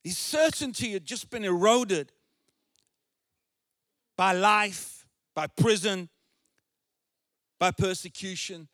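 High-voiced man preaching slowly. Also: no room sound, studio quality. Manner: earnest, repeats phrases, builds to shouted emphasis. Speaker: pastor. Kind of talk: sermon.

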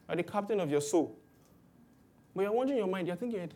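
A woman preaching a sermon, lively and acting out the voices of people she quotes. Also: mid-range voice, fast. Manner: animated, acts out quoted voices with exclamations.

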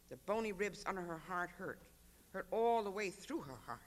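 An author reads a literary excerpt aloud at a panel. The voice sits high for a man and the narration moves at an even, rhythmic pace. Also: normal speed. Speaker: author reading. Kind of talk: literary reading.

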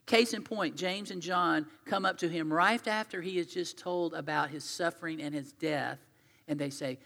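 Male pastor, slightly high and bright, chatty storytelling sermon that swings loud to quiet; long hall echo. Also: moderate pace, vocal fry.

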